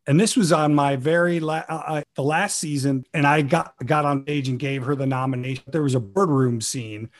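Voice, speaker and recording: A man guest actor telling lively stories and acting out quoted lines, with an improv comedy background. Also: a little high, normal speed, hardly any pauses. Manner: animated, acts out quoted lines with laughs. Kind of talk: casual storytelling.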